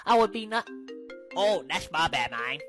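Brash, bright-voiced woman doing comedy sketches. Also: fairly low pitch, big pitch swings, moderate pace, soft background music. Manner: slangy, brash, playfully bossy. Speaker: sketch comedian playing several parts.

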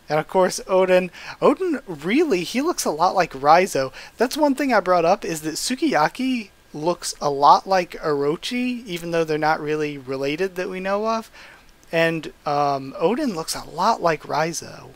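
A young man with a fairly high voice gives casual fan commentary about a comic chapter. He rambles, restarts and corrects himself as he goes. His excitement shows through. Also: measured pace. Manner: rambling, self-correcting, enthusiastic. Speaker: YouTuber reviewing a manga chapter.

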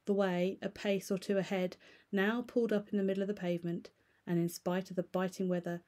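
A woman teacher reading a novel aloud to a class in a steady, measured way with small stumbles. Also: medium pitch.

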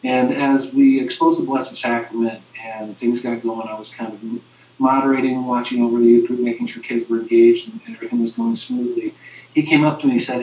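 A man's voice: mid-range voice, darkish tone. A man moderating a webinar who talks earnestly and often restarts his sentences while telling stories. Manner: earnest, halting with frequent restarts. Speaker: webinar moderator and youth minister. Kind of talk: conversational storytelling. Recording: distant, roomy, dull lo-fi webinar audio.

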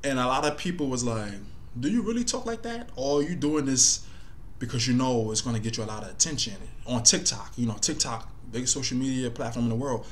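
A man's voice: mid-range voice, fast talker. A man gives casual commentary straight to the camera. He talks in a loose, wandering way, full of "like" and "you know". A faint hiss sits under his voice. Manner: conversational, loose, thinking aloud with many fillers. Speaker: commentary host.

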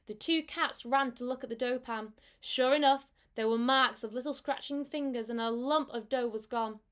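A woman teacher reads a storybook aloud to her pupils, gentle and unhurried. Her voice sits a bit high for a woman. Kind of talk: reading a storybook aloud to a class.

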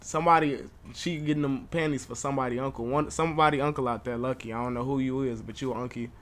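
A man's voice: mid-range voice, fairly even intonation, fast, background noise. A young man hosting a reaction video, joking bluntly and swearing in casual commentary. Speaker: YouTube reaction host.

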